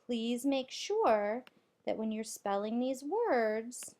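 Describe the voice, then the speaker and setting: A woman teacher with a fairly high, gravelly voice gives a spelling lesson for young children. She talks slowly and deliberately, sounding out letters and clapping out syllables one by one. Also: sing-song, darkish tone.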